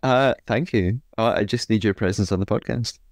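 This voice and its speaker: This man hosts a chatty podcast in a fairly low voice at normal speed, hesitating often, filling gaps with ums and uhs, and laughing easily. The recording is studio quality with no room sound.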